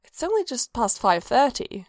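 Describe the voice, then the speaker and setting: A woman's voice: a little high, very animated, moderate pace, no echo, pitched above the performer's own voice. A woman voicing a shrewd, dazed young elf woman with a dry, wry manner, recorded dry and close.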